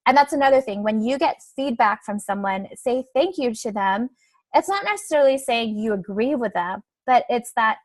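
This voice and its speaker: Chatty young woman coach, higher voice. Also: lively intonation, normal speed, no room sound. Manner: conversational, frequent "right?" and "like" tags. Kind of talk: coaching webinar talk.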